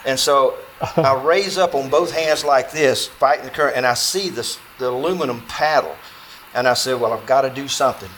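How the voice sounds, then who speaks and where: A man telling a true outdoor story to an audience in a folksy, animated way, acting out dialogue with plenty of fillers. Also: mid-range voice, moderate pace, a crowd in the background, rough recording.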